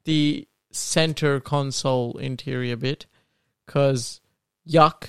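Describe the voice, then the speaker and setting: A man's voice: mid-range voice, steady tone, slow pace, vocal fry, clean tone, no echo, studio quality. A young man co-hosting a casual car podcast, opinionated and laughing often, trailing off with ums. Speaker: podcast co-host. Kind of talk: casual chat.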